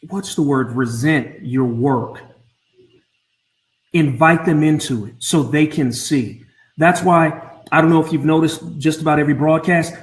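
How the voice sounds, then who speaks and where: A man coaching blended families on a live stream from home, speaking earnestly and often repeating his words. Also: on the high side. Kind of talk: Facebook Live talk. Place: home room. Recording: roomy echo.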